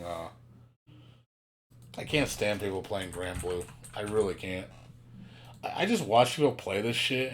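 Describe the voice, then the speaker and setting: A man's voice: on the low side, slight background noise. Male streamer, casual exasperated rant, profane, mimics others mockingly. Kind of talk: casual chat.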